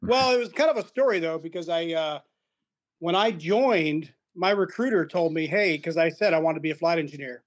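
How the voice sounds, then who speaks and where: Middle-aged man, high voice, laid-back podcast guest who laughs through his anecdotes. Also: brisk. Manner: chuckling, acts out quoted dialogue. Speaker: podcast guest, retired aircrew. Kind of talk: casual storytelling chat.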